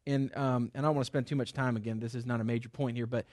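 A man's voice: medium pitch, steady tone, very fast, darkish tone, dry recording, studio quality. A man teaching a small group about the Gospels in a loose, conversational way, with many fillers and restarts. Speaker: Bible teacher. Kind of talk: classroom Bible lesson. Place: room with a small group of listeners.

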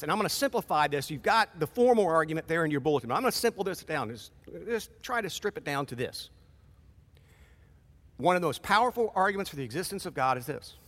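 A man preaching a sermon in a conversational, animated way, acting out short quoted exchanges. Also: on the high side, big-room sound. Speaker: pastor.

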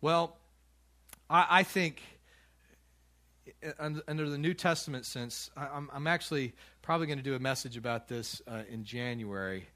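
A man's voice: mid-range voice, normal speed, bright, forceful tone. A man preaching a sermon in a church, talking casually with frequent restarts and light laughter. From United States. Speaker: pastor.

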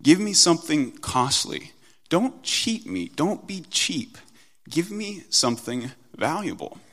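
A man voicing God as a stern, commanding creator who asks slow, emphatic questions. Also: on the high side, very animated, a bit bright, big-room sound, voice pushed up, exaggerated voice.

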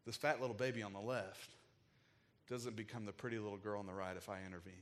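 A man's voice: lowish voice, steady tone, fast talker. Emotional male pastor telling a story. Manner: heartfelt, emotional, frequent "like" fillers. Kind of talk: storytelling sermon.

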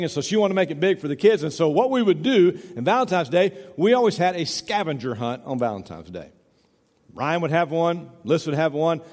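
A man's voice: on the high side, in a large hall. A middle-aged man preaching a folksy, conversational sermon, often saying "you know," in a church. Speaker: pastor.

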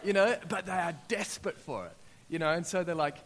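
A middle-aged Australian man preaching a sermon, telling personal testimonies and acting out what people said, building to loud, excited peaks. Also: high voice, fairly quick, gravelly.

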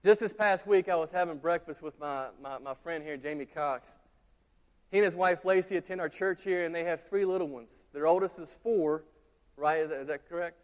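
A man in his thirties preaching a sermon, telling stories in a conversational, animated way with asides to the congregation. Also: a little high, normal speed, smooth, long reverb tail. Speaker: pastor. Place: church sanctuary.

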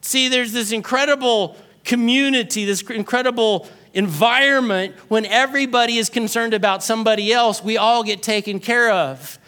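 A middle-aged man preaching a sermon as a pastor, animated and joking, acting out quoted voices. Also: extremely high pitch, moderate pace, few pauses, clear, resonant tone.

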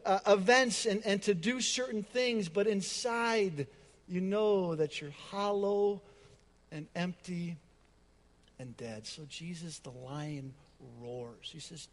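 A man with a high voice preaches a sermon, rising to loud declarations and then dropping to hushed near-whispers. His words hang in the long reverb of a big hall. He delivers with pastoral intensity and dramatic pauses.

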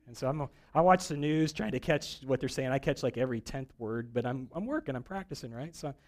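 Here a man of medium pitch preaches quickly and expressively. The pastor's style is chatty and humorous, with little acted-out voices driving home each point.

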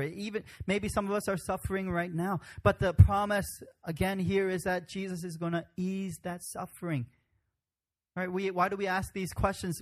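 A man preaching a sermon in an informal, conversational way with frequent restarts. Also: high-pitched. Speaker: pastor.

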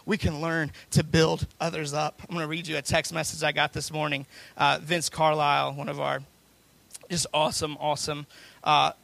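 A man's voice: a little high, level tone, normal speed, creaky, fairly bright tone. A man preaching a sermon as pastor, building intensity with repeated phrases.

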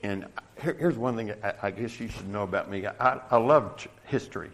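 A middle-aged man preaching a sermon to his congregation. He stumbles and restarts often, jokes at his own expense, and grows loud and emphatic when he reads from scripture. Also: fairly low pitch. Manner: halting, stumbling restarts, self-deprecating humor. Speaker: pastor.

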